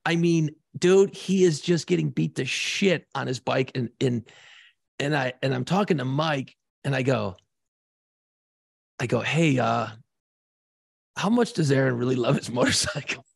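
Gravelly, profane man telling a story. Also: mid-range voice, expressive, measured pace, pauses often, dry recording, clean studio sound. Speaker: podcast co-host. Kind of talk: casual storytelling.

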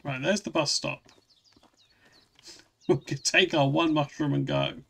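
A man with a gravelly voice, casually chatting while streaming a game and answering chat, rambling with frequent restarts. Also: a little high, steady tone, a little slow, fairly bright tone. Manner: rambling, restarts often, reads chat aloud.

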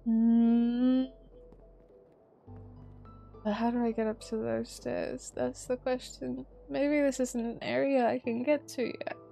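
Female streamer, higher-pitched, casual gameplay chatter with cursing outbursts. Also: flat delivery, slow pace, gravelly, long pauses, dark tone, soft background music. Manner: chatty, swears at the game, bursts of exclamation. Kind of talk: casual gaming commentary.

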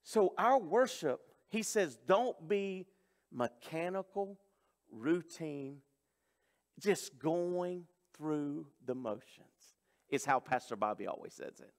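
High-voiced preacher in reverberant church. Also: male voice, sing-song, unhurried. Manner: folksy, conversational, talks straight to the congregation. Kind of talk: sermon. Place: church sanctuary. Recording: long church hall reverb.

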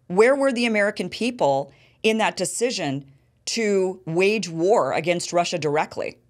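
Animated woman host, lowish voice. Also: normal speed. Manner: animated, rhetorical questions. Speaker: show host. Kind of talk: political interview.

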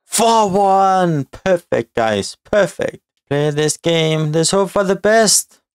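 A man giving excited live commentary on his own football video game career mode, often exclaiming at chances and shouting at the players. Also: sits high, slow pace, clean tone, no room sound. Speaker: gaming YouTuber.

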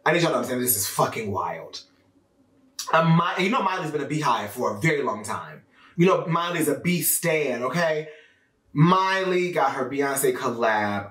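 Animated man reacting to an album. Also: on the high side, normal speed. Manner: animated, exclaiming, addressing viewers as y'all. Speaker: music reaction host. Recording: roomy, slightly distant mic with music.

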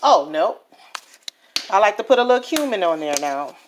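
A woman's voice: mid-range voice, very animated, normal speed, a little hiss or hum. A woman chatting through a home cooking vlog in her kitchen, often checking in with viewers. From New Orleans, USA. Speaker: home cook.

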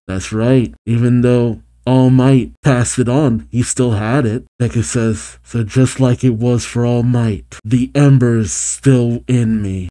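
A man's voice: medium pitch, mellow. A man summarizing a manga chapter, reading the dialogue aloud and reacting with open emotion. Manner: reads character lines aloud, then gushes emotionally.

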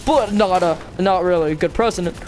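A man's voice: sits high, music in the background, close to an everyday voice. A man doing a boastful mock president. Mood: mock-calm. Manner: slow, self-praising, joking. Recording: background noise.

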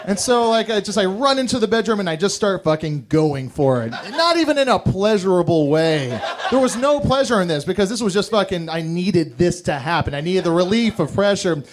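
A man's voice: high voice, animated, fairly quick, hardly any pauses, slight background noise. A young man performing a stand-up routine, telling crude, rambling, self-mocking stories. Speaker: stand-up comedian. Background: audience laughter.

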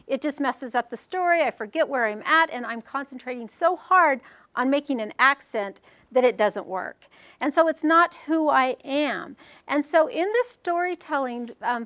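A woman presenting a storytelling workshop, explaining ideas to a group in a friendly, encouraging way. Her voice sits high. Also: fairly bright tone.

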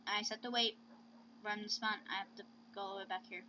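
A woman's voice: mid-range voice, steady tone, quick pace, bright, forceful tone, a little hiss or hum. A woman hosting let's-play commentary, chatting to her pets with sudden squeals, close to a home mic. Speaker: gaming channel host. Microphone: close desk mic. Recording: dull lo-fi recording.

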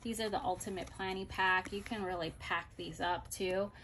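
A woman's voice: on the low side, steady tone, normal speed, fairly bright tone, slight background noise. A woman chatting casually and gushing over planners as she shows them off, thinking aloud as she goes. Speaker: planner vlogger. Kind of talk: casual product haul chat.

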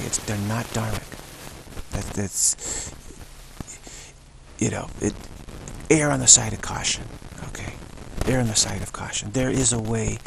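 Gravelly-voiced male yoga teacher. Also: on the low side, background noise. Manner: emphatic, repeats himself. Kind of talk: rambling spiritual talk.

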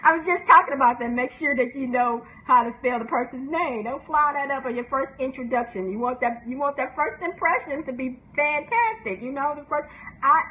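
A woman who is a book promotion specialist giving candid, animated advice in a casual talk, often laughing and briefly mimicking other people's voices. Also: high voice, normal speed. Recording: slightly dull sound with faint background noise.

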